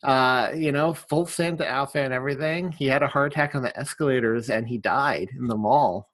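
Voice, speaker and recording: A man with a mid-pitched voice on a podcast who tells lively anecdotes and speaks his mind plainly. He talks in an easy, casual way. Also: fairly quick. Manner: animated anecdotes, blunt opinions. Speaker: podcast co-host. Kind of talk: casual chat.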